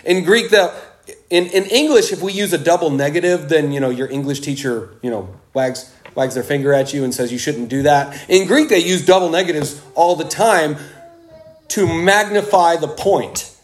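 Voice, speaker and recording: A man preaching a sermon, slow and emphatic, with dramatic pauses. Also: on the high side.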